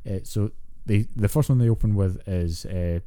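Deep, dark-voiced Scottish man. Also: moderate pace, smooth. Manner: sweary, blunt and laughing. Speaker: podcast co-host. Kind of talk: casual podcast chat.

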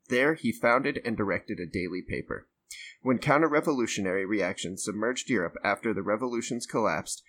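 A man's voice: fairly low pitch, a bit bright. A young man on a podcast who reads a history text aloud and breaks off into loose, rambling chat full of fillers. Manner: reads steadily, then rambles with fillers and swearing. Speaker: podcast co-host reading aloud.

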